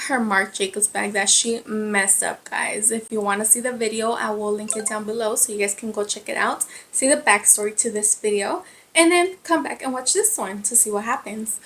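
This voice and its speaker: A woman vlogger chatting casually to her viewers, excitable and constantly saying "guys". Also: fairly high pitch, normal speed, a little hiss or hum. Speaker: craft vlogger. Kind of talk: casual chat to camera.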